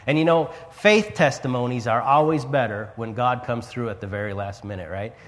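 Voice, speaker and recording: Guy preaching his story, restarts a lot, middle pitch, echoey big hall sound. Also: normal speed. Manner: storytelling, repeats words, animated rises and drops. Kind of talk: sermon testimony.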